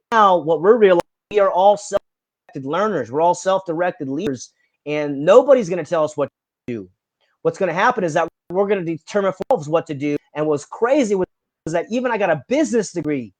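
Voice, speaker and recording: A man's voice: sits high, dry recording. A man talking as a podcast guest in casual conversation, earnest and passionate, with thoughts that wander from point to point.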